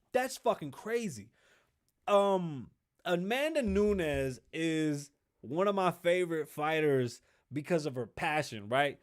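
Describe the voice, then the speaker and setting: A man hosting a podcast alone, ranting casually and profanely in animated commentary. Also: on the high side, normal speed. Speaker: podcast host.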